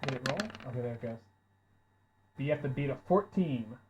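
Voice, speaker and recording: Over a noisy background and dull lo-fi audio, a game master briskly narrates a tabletop role-playing session in a medium-pitched voice, calling out rolls. Surprises make him loud and profane.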